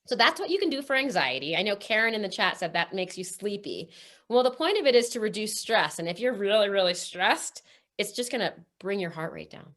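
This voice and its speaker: A woman's voice: mid-range voice, very animated, fairly quick, a bit bright. A woman leading a breathwork webinar over a video call, coaching listeners and counting breaths aloud. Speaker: breathwork instructor.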